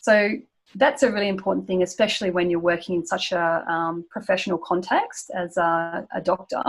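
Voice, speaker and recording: A woman's voice: lowish voice, fairly quick, low-quality recording. An Australian woman accent coach explaining pronunciation tips in a conversational way. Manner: explanatory, gives spoken examples.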